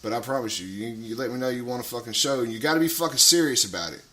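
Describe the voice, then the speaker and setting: A man talking casually on a radio show, rambling, swearing a lot and getting loud. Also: medium pitch, very fast.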